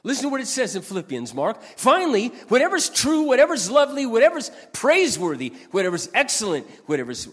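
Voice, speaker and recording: A man booming as a stern scolding God. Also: big pitch swings, quick pace, creaky, few pauses, slightly rough, exaggerated voice. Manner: loud, forceful rebuke, repeating the name. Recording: long hall reverb.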